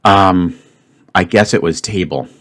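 Solving a word puzzle on his video, a chatty, upbeat host thinks out loud and leans on lots of filler words. He has a deep voice, speaks a little slowly, and sounds a bit bright.

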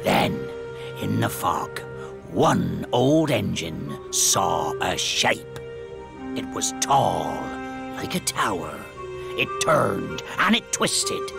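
A gravelly, low-voiced old sea-dog engine from a cartoon, put on by a man. He drags out a spooky tale in an old sailor's dialect, slow and swooping, with music playing underneath. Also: big pitch swings, heavily acted. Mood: storytelling. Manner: spins a spooky tale with relish. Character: old gruff male dockside diesel engine, sea-dog yarn-spinner.

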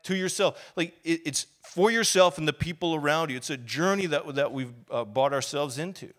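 A man preaching a sermon as pastor, telling his story casually and confessionally, then building up to loud, fervent preaching. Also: fairly high pitch, moderate pace. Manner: storytelling, grows loud and fervent, acts out quoted shouts; casual and confessional, with laughs and sighs.

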